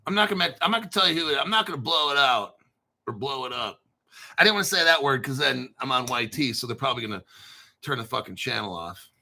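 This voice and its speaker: A man hosting a crypto video in a casual, blunt and profane rant, clearing his throat often. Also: medium pitch, lively intonation, quick pace, sharp tone. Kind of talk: casual ranting commentary.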